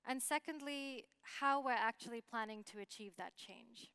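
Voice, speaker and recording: A young adult woman moderating a conference panel, briskly laying out the plan and putting the first question to a panelist. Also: fairly high pitch, sharp tone, clean tone, dry recording. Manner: brisk, organized framing of questions.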